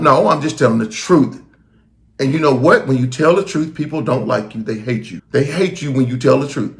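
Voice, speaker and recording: A man's voice: medium pitch, quick pace, vocal fry. A middle-aged man giving emphatic, preachy commentary as host of his own channel. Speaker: host of a street talk channel. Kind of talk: impassioned commentary. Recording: roomy echo.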